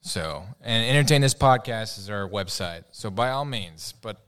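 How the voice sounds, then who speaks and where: A man's voice: fairly low pitch, lively intonation, normal speed, fairly bright tone, clear, resonant tone. A man hosting a podcast at a live theater show, chatting and laughing as he plugs the show. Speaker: podcast host. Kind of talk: casual live podcast chat.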